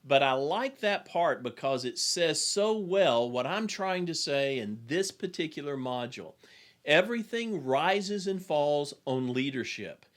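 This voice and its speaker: A man's voice: fairly high pitch, lively intonation, measured pace. A man who is an executive coach, giving a recorded business lesson in an earnest, plain and direct storytelling manner.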